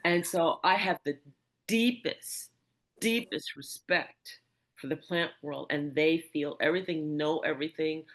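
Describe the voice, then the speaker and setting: Animated podcast host telling a story. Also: mid-range voice, normal speed. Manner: animated storyteller, many restarts and asides. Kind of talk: storytelling in casual conversation.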